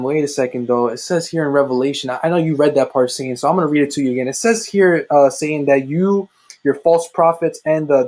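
A man preaching a livestreamed sermon into his laptop, fervent and conversational, repeating his refrains. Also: on the high side. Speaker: street-style online preacher.

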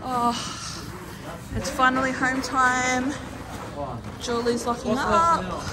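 A woman's voice: sits high, steady tone, takes it slowly, over music. A woman, vlogging by phone in a hall at night, bubbly and affectionate. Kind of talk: casual vlog chat. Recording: loud background noise.

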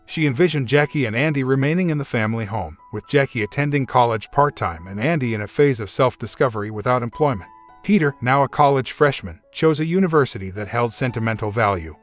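A male storyteller giving a steady scripted narration of a relationship story. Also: mid-range voice. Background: faint background music.

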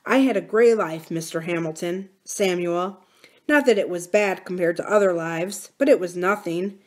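A man's voice: sits high, moderate pace, close to an everyday voice. A woman reading the part of an earnest, troubled young man who speaks in a confiding way.

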